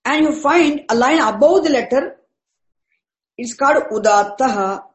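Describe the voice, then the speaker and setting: A woman, teaching a class in a patient, repetitive way and saying terms slowly. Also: high-pitched, expressive, low-quality recording. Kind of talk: explaining Vedic chanting accents to a class.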